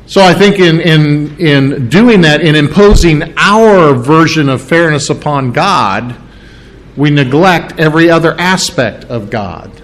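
A man's voice: on the high side, animated, unhurried. A middle-aged man preaching a verse-by-verse sermon, conversational with restarts and asides, pressing hard on repeated phrases. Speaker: pastor. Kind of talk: sermon, verse-by-verse Bible teaching.

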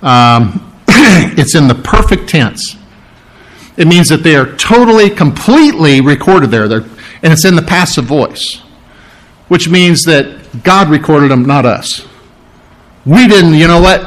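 An animated male pastor delivers his sermon in a somewhat high voice. His pitch swoops widely as he stresses each point, often repeating short phrases for emphasis. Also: a little slow.

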